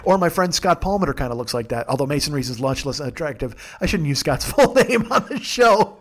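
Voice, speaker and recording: A man hosts a comedy podcast alone, riffing in a rambling, profane monologue. He talks fast in a slightly high voice and keeps veering into absurd, self-mocking tangents. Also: lively intonation. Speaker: podcast host.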